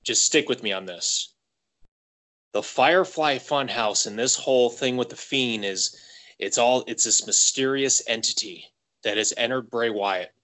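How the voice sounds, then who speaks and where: A man's voice: medium pitch, sharp tone. A man co-hosting a casual wrestling podcast, playfully laying out a wild theory. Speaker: podcast co-host. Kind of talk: casual chat.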